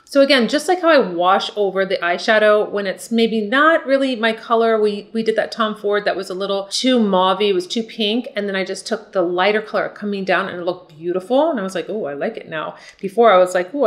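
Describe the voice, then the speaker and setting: An older woman chatting through a makeup tutorial, encouraging viewers she calls ladies. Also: mid-range voice. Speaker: beauty vlogger. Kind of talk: casual makeup tutorial chat.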